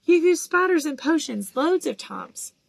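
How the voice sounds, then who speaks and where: A woman reading the part of a clever, bossy schoolgirl in a brisk and earnest voice. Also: high voice, animated, gravelly, no echo, pitched above the performer's own voice, heavily acted.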